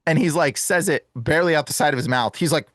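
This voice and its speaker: A young man with a fairly high voice tells his story with a lot of animation, jumping into the voices of the people in it. He talks like a buddy and keeps saying "bro." The sound is dry and close, with no room around it. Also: quick pace, fairly bright tone, no room sound. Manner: says "bro" and "like" often. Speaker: guest exorcist. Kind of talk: casual storytelling.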